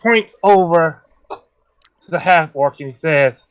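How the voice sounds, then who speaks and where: A man running a tabletop game as game master, narrating and speaking for his characters in slow, grave pronouncements. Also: mid-range voice, animated, smooth.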